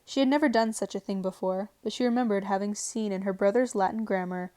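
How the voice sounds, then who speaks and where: A woman narrating a storybook aloud in a calm, even read-aloud manner. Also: medium pitch, fast, hardly any pauses, dry recording. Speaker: audiobook narrator. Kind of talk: storybook reading. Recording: dry home recording. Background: faint television sound.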